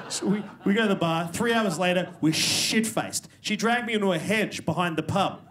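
A man doing stand-up in a comedy club, brash and swearing, speaking into a handheld stage mic. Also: high voice. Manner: brash, swearing, loud crowd-working delivery. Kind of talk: stand-up set. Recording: live club recording, crowd noise.

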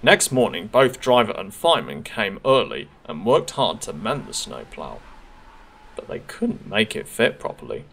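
Gravelly man reading a storybook. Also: on the low side, normal speed, slight background noise. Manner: expressive, gently paced narration.

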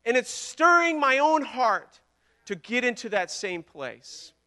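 High, bright-voiced preaching man. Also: very animated, slow pace. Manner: impassioned, repeating words, swinging between loud and hushed. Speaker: pastor. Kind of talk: sermon.

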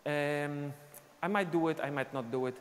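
This man's voice is fairly high and his pace moderate as he runs a live online dance class from a studio, talking through each step and calling out the counts while dancing. There's long reverb and a faint ambient hum in the recording.

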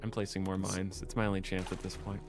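A man's voice: low-pitched, flat delivery, quick pace, soft background music. A man streaming a video game, exasperated and swearing freely at his friend. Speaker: gaming streamer. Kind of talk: casual gaming banter.

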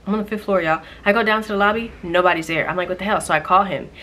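A woman's voice: fairly low pitch, fast. A young woman vlogging on her phone, chatting about errands and ranting animatedly about a delivery mix-up. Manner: chatty, animated storytelling with exasperated outbursts. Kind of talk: casual vlog chatter. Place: home, then out running errands. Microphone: phone camera. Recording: clear background music.

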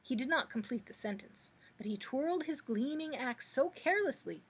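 Female librarian narrator, storybook read-aloud, slightly high, breathy tone. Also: expressive, normal speed, few pauses.

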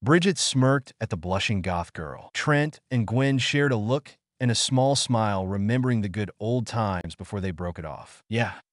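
A man narrating fan fiction in an even storybook reading. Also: fairly low pitch, normal speed, hardly any pauses, dry recording, clean studio sound.

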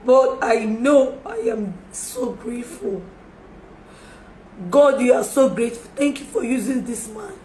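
Speaking at a measured pace in a fairly high, darkish voice, a woman livestreamer pleads during an emotional live-stream appeal. She apologizes publicly, asking for forgiveness over and over. The echoey room carries faint background noise.

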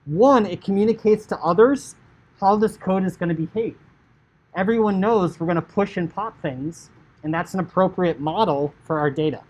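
A man teaching high school computer science, talking casually through code on screen, often saying "like" and acting out what a user might think. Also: moderate pace, a little mellow, lo-fi sound. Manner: chatty, filler "like", acts out inner thoughts. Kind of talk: casual coding screencast lecture.

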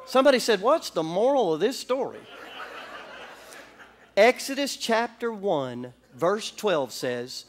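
A man from Florida preaching a sermon, telling a story with animated bursts and calls to the congregation in a church. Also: high voice, measured pace. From Orlando, Florida. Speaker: pastor. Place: church sanctuary.

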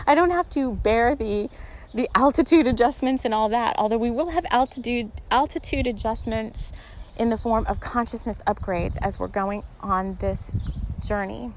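A woman's voice: a little high, moderate pace, a little hiss or hum. Earnest rambling woman hosting a spiritual podcast. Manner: earnest, rambling, emotional, many restarts. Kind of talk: casual spiritual guidance talk.

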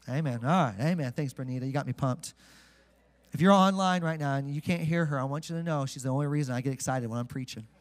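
A man preaching a sermon to a live congregation, energetic and joking, slowing way down to read scripture. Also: a little high, long reverb tail. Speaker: pastor. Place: church sanctuary with congregation.

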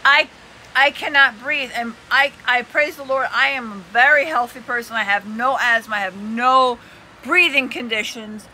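New york woman venting into her phone in a tiny bedroom, high bright voice, faint hum of the air conditioner behind. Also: normal speed, low-quality recording. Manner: breathless, exasperated, rambling. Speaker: vlogger. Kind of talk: casual selfie vlog to camera. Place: small bedroom in a city apartment, indoors.

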